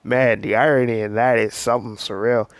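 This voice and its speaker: A man's voice: mid-range voice, fairly even intonation, brisk, no echo, lightly acted. A man voicing a cocky teenage boy who teases in casual slang. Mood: teasing.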